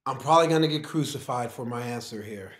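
A man with a mid-range voice talks fast as a guest on a conversational podcast, where he's a technology executive. He tells stories in an easygoing manner, laughing often, with a roomy echo on the recording.

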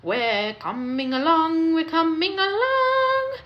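A woman's voice: very high voice, expressive, slow pace, highs cut off, pitched above the performer's own voice, full character voice. A woman doing two fretful singing coaches. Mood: chanting. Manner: anxious, sing-song chanting. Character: two anxious female train coaches.

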